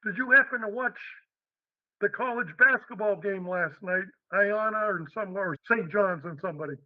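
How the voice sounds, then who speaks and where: A man's voice: high voice, moderate pace, dry recording, narrow, tinny audio, natural voice. A man voicing a brusque, cigar-chomping hiring manager with a New York accent while retelling a story.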